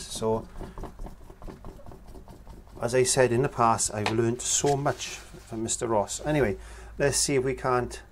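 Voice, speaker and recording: A man's voice: medium pitch, measured pace, pauses often, a little hiss or hum. Chatty man teaching painting. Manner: relaxed, chatty, talks while working. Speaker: painting instructor. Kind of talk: painting tutorial narration.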